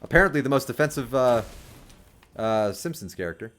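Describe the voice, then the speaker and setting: A man streaming a video game, chatting casually with lots of fillers and sudden excited outbursts. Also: medium pitch, a little fast, slight background noise. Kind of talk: casual livestream commentary. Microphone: desk microphone.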